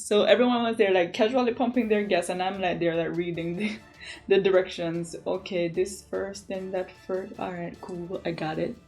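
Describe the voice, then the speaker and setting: Jamaican woman vlogger, mid-pitched, chatty and emphatic, faint music behind. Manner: animated, emphatic, frequent "like". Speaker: beauty vlogger. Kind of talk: casual chatty storytelling.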